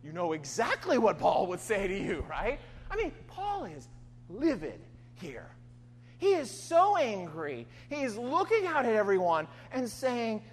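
A woman's voice: medium pitch, huge pitch swings, unhurried, slightly rough. A woman preacher delivering a sermon in an emphatic way, often asking her listeners "right?". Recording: long hall reverb, faint hum.

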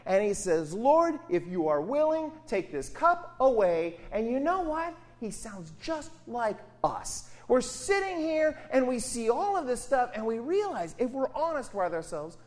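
A woman preaching a sermon on a gospel passage, speaking expressively with rhetorical questions and emphatic asides. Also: a little high.

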